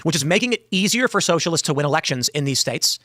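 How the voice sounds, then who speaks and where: Quick, confident male pundit, dry close mic. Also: on the high side, expressive, fairly bright tone, dry recording. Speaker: political pundit in a clip. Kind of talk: political talk show.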